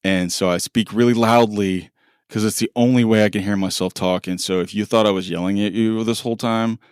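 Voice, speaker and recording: Animated low-voiced man telling stories. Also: fairly quick, clean tone, no room sound, clean studio sound. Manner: animated, acts out quoted dialogue, laughs often. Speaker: podcast co-host. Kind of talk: casual conversational storytelling.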